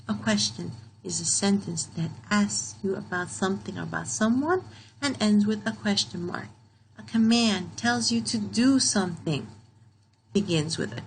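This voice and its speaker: A woman teaching a grammar lesson for children, reading each example slowly and repeating it. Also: mid-range voice, a little hiss or hum, rough recording. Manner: slow, deliberate, repeats example sentences.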